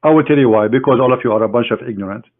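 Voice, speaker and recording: Mocking man on a tinny line. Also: medium pitch. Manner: mocking, combative, halting English. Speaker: online debater. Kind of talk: combative screen-share lecture. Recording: tinny phone-like online audio.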